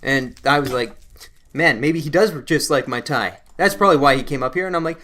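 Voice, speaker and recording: A man's voice: a little high, a little fast, pushed and bright. A young man from Canada, hosting a gaming channel, tells a rambling, self-mocking story while he plays, full of fillers and restarts. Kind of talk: casual storytelling while playing a game.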